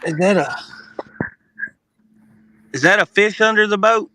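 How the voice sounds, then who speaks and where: A man's voice: sits high, measured pace, pushed and bright, slight background noise, low-quality recording. A man on a fishing boat, chatting casually and explaining what the fish finder shows. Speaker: fishing partner. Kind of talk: casual livestream banter.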